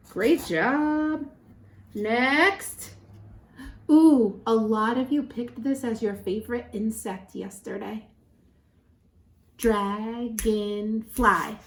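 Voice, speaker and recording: Woman teacher talking to little kids, upbeat and encouraging, kinda high voice, roomy echo. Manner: animated and encouraging, counting syllables slowly. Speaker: pre-K teacher. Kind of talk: children's lesson. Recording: echoey room.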